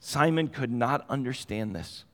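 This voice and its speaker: A middle-aged man preaching a sermon, telling stories conversationally and moving between quiet and animated passages. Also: mid-range voice, a little slow. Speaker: pastor. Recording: long hall reverb.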